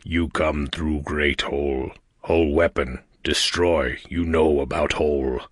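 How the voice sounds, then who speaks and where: A man voicing a huge, grim male alien who speaks in booming, halting broken English in an audiobook. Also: steady tone, no room sound, studio quality. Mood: interrogating. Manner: terse, halting questions. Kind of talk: audiobook character voice.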